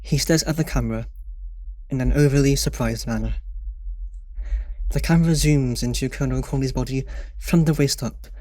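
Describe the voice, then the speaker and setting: A man's voice: medium pitch, normal speed, a little mellow, no echo. A man reading a screenplay's scene directions aloud in a dry, matter-of-fact way. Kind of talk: scripted narration of scene directions.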